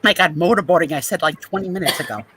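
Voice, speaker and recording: A woman's voice: on the low side, fast talker, noisy background. A woman from New Jersey hosting a casual live video chat, bubbly and laughing, stumbling over her words. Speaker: live stream host. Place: home, video call. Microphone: computer mic on video call.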